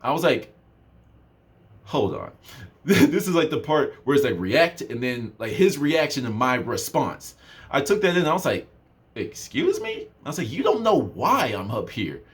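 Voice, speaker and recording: A man's voice: medium pitch, moderate pace. A young man casually telling a story to camera as a self-improvement vlogger, with lots of fillers. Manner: animated storytelling, many fillers. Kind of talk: casual talking-to-camera chat.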